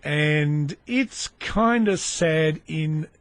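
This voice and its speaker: An Australian man hosting a casual solo podcast, sardonic and sweary, with lively asides. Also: a little high, extremely slow, no room sound. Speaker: podcast host.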